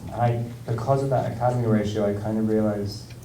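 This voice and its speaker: An English actor in casual stage talk at a film Q&A, hesitant, with many ums and frequent laughs. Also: male voice, fairly low pitch, steady tone, fast talker, distant mic. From England. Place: large screening hall with audience. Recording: echoey hall, mic from afar, noise.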